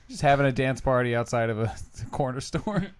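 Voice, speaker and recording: A man's voice: mid-range voice, a little hiss or hum. A man co-hosting a casual movie commentary, laughing often and reading chat comments aloud. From Philadelphia area. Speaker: podcast co-host.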